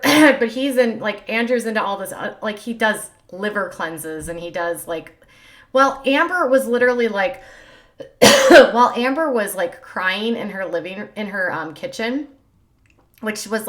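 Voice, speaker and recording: A woman hosting a casual livestream, chatting fast and loosely with lots of filler words. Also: medium pitch, a bit bright. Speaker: host.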